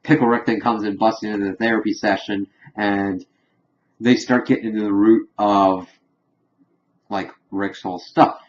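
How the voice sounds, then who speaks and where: A man's voice: lowish voice, fairly even intonation, normal speed, lo-fi sound, a little hiss or hum. A man casually recapping a TV episode in a rambling way, saying "like" constantly. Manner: rambling, heavy use of "like". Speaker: TV episode reviewer.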